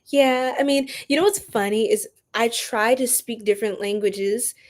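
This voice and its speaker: A woman's voice: a little high, moderate pace. A woman hosting a casual live stream, greeting viewers by name and laughing often. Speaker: tarot reader and live stream host.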